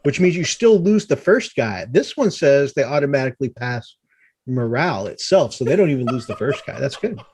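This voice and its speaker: A man's voice: medium pitch, animated, fairly quick, a little mellow, slightly rough, dry recording. A man co-hosting a casual gaming live stream, explaining game stats and rules step by step. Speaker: co-host of a tabletop gaming live show.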